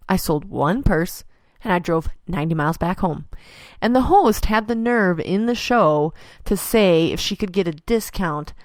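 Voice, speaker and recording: A woman's voice: on the low side, no echo. A woman in her thirties hosting a podcast, telling stories in an upbeat, casual way and acting out the voices of people she quotes. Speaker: podcast host. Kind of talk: casual storytelling monologue.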